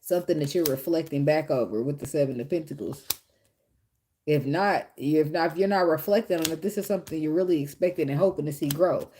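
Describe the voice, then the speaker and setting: A woman's voice: low voice, mellow. A woman giving a casual tarot reading, blunt and profane, who laughs often and talks straight to the viewer. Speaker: tarot reader.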